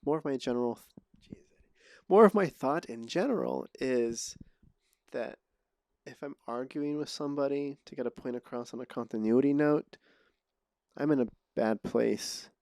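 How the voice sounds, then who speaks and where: A man's voice: mid-range voice, normal speed, long pauses, darkish tone, no room sound, clean studio sound. A man hosting a podcast, chatting casually and often restarting his sentences. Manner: rambling, trails off and restarts sentences. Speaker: podcast host. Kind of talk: casual conversation. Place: Los Angeles.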